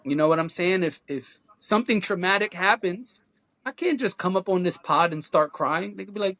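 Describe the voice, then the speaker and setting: A man's voice: high voice, animated, moderate pace, sharp tone, dry recording. A man co-hosting a podcast, talking things through in an earnest, conversational way and often checking in with his listeners. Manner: earnest, conversational, often asks "you feel what I'm saying". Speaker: podcast co-host. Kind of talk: casual podcast discussion.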